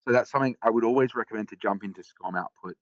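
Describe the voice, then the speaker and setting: A man presenting a live software demo on a webinar, talking casually with lots of fillers and restarts. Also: lowish voice, very fast, dry recording, lo-fi sound.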